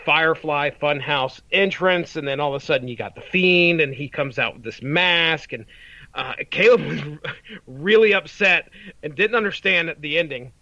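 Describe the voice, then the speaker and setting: A man in his thirties chats loosely on a podcast, laughing often and restarting his sentences. His voice is bright and a touch high. It sounds dry and a little dull, as if from a home mic. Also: normal speed, no echo. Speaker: podcast co-host. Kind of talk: casual chat.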